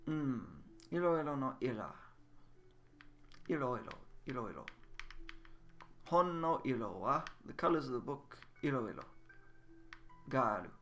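A man giving a casual, patient Japanese lesson, repeating words and drilling them slowly. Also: mid-range voice, animated, a bit bright, faint music behind. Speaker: Japanese language teacher. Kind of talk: casual spoken language lesson. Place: indoors at a computer, game voice chat.

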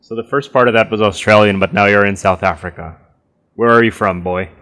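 A man's voice: lowish voice, fairly even intonation, fairly quick, a bit bright. A man bantering dryly with friends over a video game, teasing and swearing. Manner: dry, teasing, swears often. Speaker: gaming video co-host. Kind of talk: casual gameplay banter.

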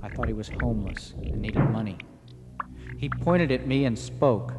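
A young man narrating his own poem in a measured, deliberate recitation. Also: lowish voice. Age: young adult. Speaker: poet narrator. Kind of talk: spoken poetry narration. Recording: echoey with steady background noise.

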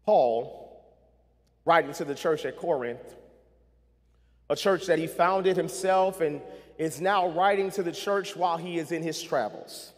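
A male pastor delivers a sermon in a church sanctuary, his voice sitting high for a man. He builds to rising, urgent stretches and then sinks to quiet, low asides, inviting the congregation to repeat after him. A long hall reverb trails every phrase. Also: a little slow, pauses often. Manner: call-and-response preaching, rising and falling in intensity.

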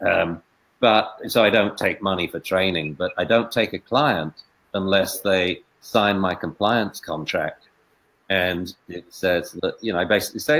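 Male interview guest, low voice, storyteller who swings from quiet to emphatic. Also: unhurried, rough recording. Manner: expressive, swings from hushed to emphatic. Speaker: dog trainer and veterinarian, interview guest.

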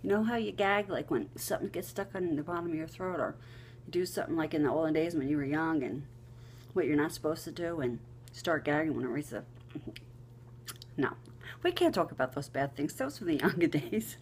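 A middle-aged woman vlogger casually telling a funny story, animated and swearing, giggling often. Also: deep voice, a little fast, a little hiss or hum.

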